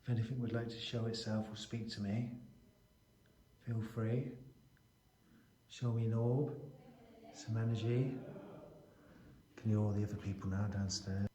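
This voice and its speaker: A calm, low-key man, narrating a ghost-hunting vlog. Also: measured pace, pauses often. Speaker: ghost hunter.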